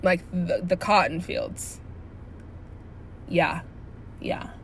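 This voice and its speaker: A woman in her early twenties telling a workplace story in a casual, animated rant, blunt and profane with lots of "like" fillers. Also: on the low side, very slow, vocal fry, a little hiss or hum. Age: early 20s. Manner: indignant and blunt.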